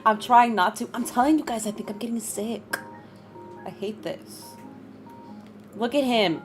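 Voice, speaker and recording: A woman's voice: measured pace, pauses often, faint music behind. A young woman streaming a game, chatting casually with viewers and greeting them by name. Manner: chatty, greets chat, bursts of high laughter. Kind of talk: casual live-stream chat.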